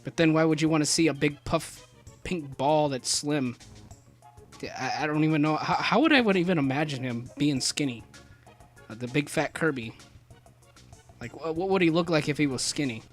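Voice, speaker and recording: Young guy rambling + joking thru a let's play, voice sits a bit high, quiet music underneath. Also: normal speed, long pauses. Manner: rambling, joking, many restarts and fillers; jumps to high excited yelps. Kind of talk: rambling gameplay commentary.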